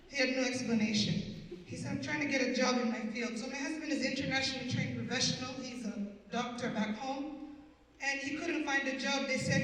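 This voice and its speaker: A woman's voice: high-pitched, a little fast, fairly bright tone, recorded from a distance. Wry woman comic in echoey hall. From Canada. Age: 50s. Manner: wry, punchy, plays with words and accents. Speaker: stand-up comedian. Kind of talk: live stand-up storytelling. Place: community event hall.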